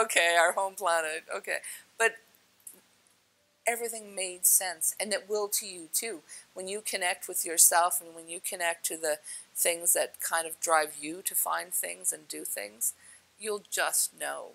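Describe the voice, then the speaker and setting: A woman telling spiritual experience stories in an animated, casual way, laughing often and acting out what people said. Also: lowish voice, measured pace, gravelly, poor audio. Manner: laughs often, acts out quoted lines with big swings. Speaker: speaker sharing spiritual experiences. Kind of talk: animated storytelling.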